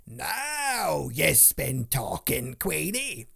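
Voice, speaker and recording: A man's voice: fairly high pitch, wildly swooping pitch, extremely slow, vocal fry, no room sound, studio quality, voice pushed up, heavily acted. Man doing a blustering pirate captain. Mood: rowdy. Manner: blustering, shouting. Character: blustering loud middle-aged pirate captain.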